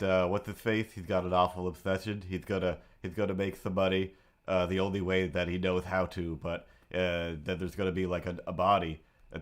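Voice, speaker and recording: A man hosting his own livestream, chatting casually and playfully to himself and his cat in a rambling way. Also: deep voice. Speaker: livestream host.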